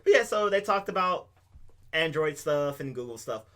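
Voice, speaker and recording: A man co-hosting a podcast explains things at length and with enthusiasm in a casual chat. His voice is on the high side, expressive and fairly bright, at a moderate pace.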